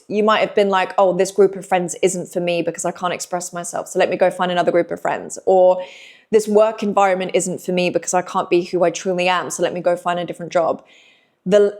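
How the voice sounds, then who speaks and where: A young woman speaks softly and reassuringly, delivering an intuitive spiritual message straight to her listeners. Her voice sits in an ordinary middle pitch, and she slows down with sighs and emotional pauses. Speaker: intuitive reader speaking to viewers. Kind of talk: spiritual channeled message to camera.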